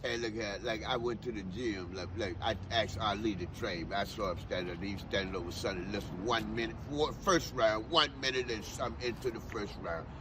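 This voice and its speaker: A man's voice: on the low side, a little fast, hardly any pauses, background noise. A man guesting on a podcast, rambling in profane banter and slipping into half-sung riffs. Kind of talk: casual banter. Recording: music playing behind the talk.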